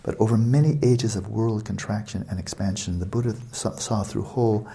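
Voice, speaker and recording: Male meditation teacher, lower register, mellow and relaxed tone; expansive, explanatory retreat-talk delivery with repetition and asides. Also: normal speed, vocal fry. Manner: expansive, explanatory, repeats words for emphasis; conversational asides to listeners.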